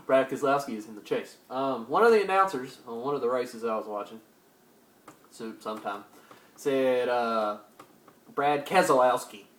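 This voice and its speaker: Young male host, rambling and hyper, loud sudden whoops, echoey room, mic a few feet off. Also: mid-range voice, moderate pace, far from the mic. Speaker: sports talk host. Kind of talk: casual solo sports talk.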